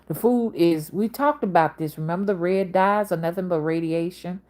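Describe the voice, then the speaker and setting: A woman's voice: fairly low pitch, lively intonation, moderate pace, warm tone. A woman in her fifties with a Southern accent, talking in a casual, rambling monologue that jumps between topics. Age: 50s. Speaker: spiritual reader and channel host.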